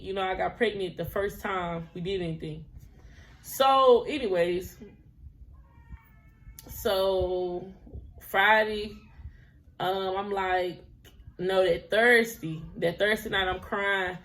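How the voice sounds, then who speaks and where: A young woman in her twenties chats through a personal storytime, talking loosely and laughing now and then. Her voice is bright and forward, sitting at an ordinary middle pitch. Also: takes it slowly, pauses often. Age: 20s. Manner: chatty, laughs often, drifts into quoted dialogue. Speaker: vlogger telling her own story. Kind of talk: casual storytime chat.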